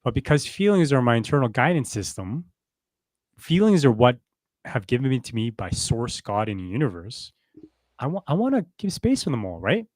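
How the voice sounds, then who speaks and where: A man's voice: medium pitch, very animated, normal speed, darkish tone, dry recording. A man co-hosting a relationship podcast, talking casually and reflectively, explaining ideas with everyday examples and checking in with "right?". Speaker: podcast co-host. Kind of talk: casual relationship coaching talk.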